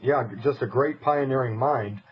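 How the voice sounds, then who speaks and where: A man's voice: medium pitch, normal speed, breathy edge. A man co-hosting a radio show, interviewing a guest in a conversational, hesitant way with fillers. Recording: dull lo-fi radio recording with faint hiss.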